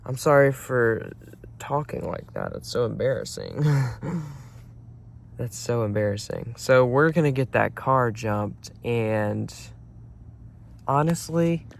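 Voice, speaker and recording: A young man vlogging by his car at night, chatty and self-mocking, breaking into loud exclamations. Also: medium pitch, sing-song, slow, gravelly, pauses often, slight background noise. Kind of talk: casual vlog.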